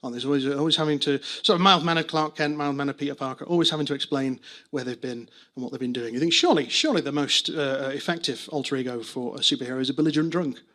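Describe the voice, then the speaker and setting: A man's voice: mid-range voice, racing, a bit bright. Wry man doing stand-up. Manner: chatty, wry, self-deprecating asides. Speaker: stand-up comedian. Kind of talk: stand-up set. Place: comedy club stage. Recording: live club recording with background noise.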